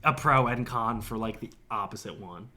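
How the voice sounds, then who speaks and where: A man's voice: lowish voice, normal speed, bright, forceful tone. A man co-hosting a podcast who rambles in a loose, casual way. He laughs a lot and often lets his sentences trail off. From northern United States. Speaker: podcast co-host. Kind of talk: casual chat.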